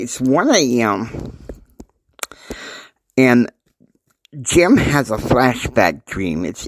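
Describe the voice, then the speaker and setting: A man's voice: lowish voice, no echo, rough recording. A man casually narrating a homemade family story, rambling with many fillers and laughs.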